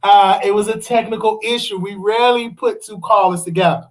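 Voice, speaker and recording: A man's voice: high-pitched, fairly even intonation, brisk, low-quality recording. A man hosting a call-in show in an easygoing way, moderating callers. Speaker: host.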